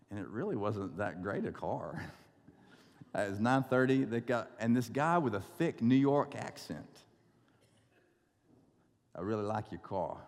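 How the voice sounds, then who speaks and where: A male pastor preaching a sermon, stretching out scripture slowly and telling stories with wry asides. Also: medium pitch. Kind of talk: sermon with storytelling. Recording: long reverb of a large hall.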